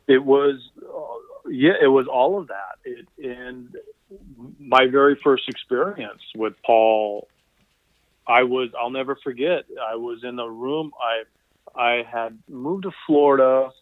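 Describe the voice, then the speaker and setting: A man on a dry, narrow phone line, speaking at an ordinary middle pitch. He is a physical therapist guest telling animated stories and quoting the people in them. The line sounds thin and tinny, with no room around his voice. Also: slow, no echo. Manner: animated anecdotal storyteller, quotes people in voices. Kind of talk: conversational interview storytelling.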